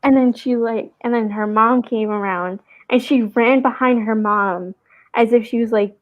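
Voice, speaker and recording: A woman with a fairly high voice tells a story in a loose, rambling way, full of fillers. She talks over a video call, and her audio comes through dull and lo-fi. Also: steady tone, moderate pace. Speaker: guest co-host. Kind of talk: casual storytelling on a live stream.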